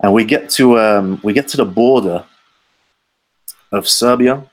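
Over poor audio, a slangy man with a lowish voice tells a story at a measured pace. He's a podcast guest who rambles through the casual anecdote and imitates the people involved.

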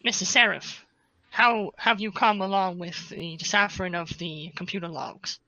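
A woman's voice: mid-range voice, sharp tone, no echo. A woman voicing a composed, formal male starship captain in a tabletop game. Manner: formal, measured speech. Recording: dull lo-fi sound.

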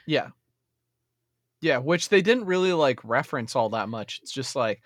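A man's voice: mid-range voice, animated, normal speed, pauses often, no room sound, clean studio sound. A man co-hosting a casual movie review chat, laid-back and joking, trailing off with fillers. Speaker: podcast co-host.

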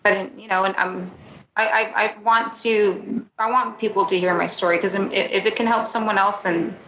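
A woman in her thirties speaking candidly as a podcast guest, earnest and halting, with many restarts, growing emotional about her story. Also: mid-range voice, steady tone, fairly bright tone. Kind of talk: candid conversational interview. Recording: echoey room, faint background noise.

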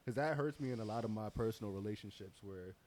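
A man co-hosting a casual podcast chat, laid-back and slangy, swearing freely and pausing often with fillers. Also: fairly low pitch, a little mellow, slight background noise. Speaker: podcast co-host.

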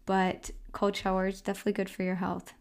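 A woman's voice: medium pitch, completely flat delivery, fast, clean tone. A young woman hosting a casual solo health podcast from home, chatting in a rambling way with lots of fillers and frequent laughs. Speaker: podcast host. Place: house, indoors.

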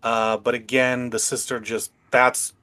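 A man's voice: medium pitch, little pitch movement, measured pace, pushed and bright. A man co-hosting a casual podcast chat, telling stories and acting out dialogue with small laughs. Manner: storytelling with laughs, quoting others in dialogue. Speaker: podcast co-host.

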